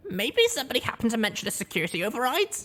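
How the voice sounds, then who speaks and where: A woman brings to life a hardened young mare who talks with blunt, dry sarcasm. Her voice is husky and fairly high, leaping around in pitch. It is read as an audiobook character. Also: big pitch swings, very fast, a bit bright. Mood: wry.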